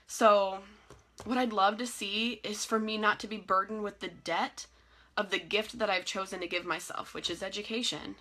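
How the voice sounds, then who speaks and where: A woman's voice: medium pitch, bright, forceful tone. A woman leading a live video training for her sales team, talking in an earnest, heartfelt and emotional way. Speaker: network marketing team leader. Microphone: phone or webcam on a live video.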